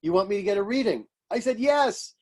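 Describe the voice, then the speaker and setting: An older man, an astrologer and author, telling lively stories in an interview and acting out the voices of people he quotes. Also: sits high, quick pace, husky. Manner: animated anecdotes, acting out quoted voices, laughing. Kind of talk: storytelling interview.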